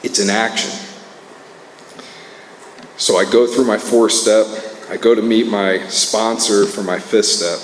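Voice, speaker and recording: Low-voiced man telling his story in a hall. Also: level tone, a little slow, long pauses. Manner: candid, earnest storytelling with many fillers. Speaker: speaker at a recovery meeting. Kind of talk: personal testimony talk. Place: meeting hall. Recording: echoey hall with faint noise.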